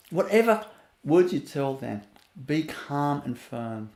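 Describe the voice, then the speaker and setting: A man teaching in a spiritual webinar talk, his fairly high voice broken by frequent little laughs. He drops into a soft, hushed register when he shows what calm sounds like. The sound carries a noticeable room echo. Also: slow. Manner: laughs often between phrases, drops to a soft low voice to show calm.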